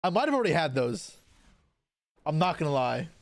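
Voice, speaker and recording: A man's voice: fairly high pitch, sing-song, a little fast, no echo, studio quality. A young man chatting casually on a live stream, answering his chat aloud while opening card packs, with offhand swearing. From Canada.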